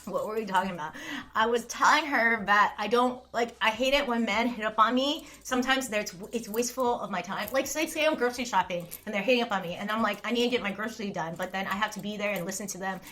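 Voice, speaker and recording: A woman's voice: medium pitch, fast talker, sharp tone. A young woman from Los Angeles with a Californian accent, chatting casually on a livestream and reading out viewer comments, giggly and rambling with lots of fillers. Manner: giggly, rambling, self-mocking, frequent fillers. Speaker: livestream host.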